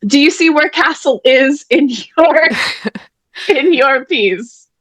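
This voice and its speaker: A woman with a fairly high voice hosts a word game, chatty and playful and quick to poke fun at herself. The sound is dry and close, as if on a video call mic. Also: expressive, no echo. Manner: chatty, playful, self-deprecating. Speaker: host and emcee of an online writers' event. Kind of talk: casual live-stream game hosting.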